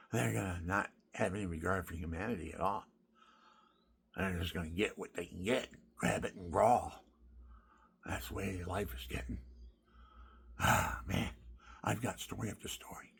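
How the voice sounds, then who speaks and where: A man delivering a rambling, indignant rant, swinging from loud outbursts to hushed asides. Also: mid-range voice, vocal fry, breathy edge.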